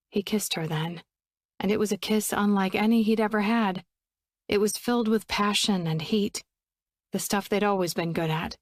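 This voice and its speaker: A woman narrating a romance audiobook in a steady, even storytelling voice on a close studio mic. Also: mid-range voice, moderate pace, dry recording.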